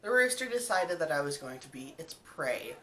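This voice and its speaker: A woman's voice: deep voice, very animated, moderate pace, sharp tone, recorded from a distance, slight background noise. A young woman vlogger chatting casually while she eats, telling a story with lots of ums and likes. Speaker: mukbang vlogger.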